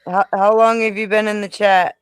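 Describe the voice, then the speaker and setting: Chatty streamer, smooth dry voice. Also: mid-range voice, flat delivery, dry recording. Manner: chatty, talks to the chat, quick asides. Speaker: streamer host. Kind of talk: casual live stream chat.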